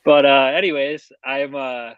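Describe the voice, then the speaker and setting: A man's voice: mid-range voice, fairly even intonation, a little slow, clear, resonant tone, no room sound. A man co-hosts a betting podcast in a loose, rambling way, with plenty of "um"s and restarts. His voice sits in a middle range. It comes through a slightly muffled mic in a dry, dead room. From Seattle area. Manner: rambling, many fillers and restarts. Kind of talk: casual chat.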